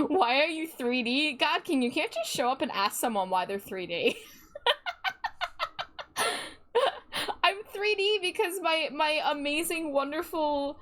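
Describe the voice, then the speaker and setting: This is a young woman with a Midwestern accent and a slightly high voice, talking to her live chat while she streams. She is chatty and playful, and she giggles often between her thoughts. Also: expressive, slow, pauses often, fairly bright tone. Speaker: livestreamer.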